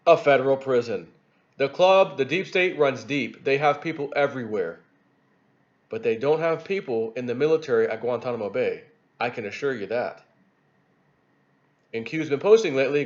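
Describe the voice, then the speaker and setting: A man giving rambling political commentary on his video channel, animated and repeating himself as he talks. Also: mid-range voice, normal speed, pauses often, highs cut off. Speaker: YouTube commentator.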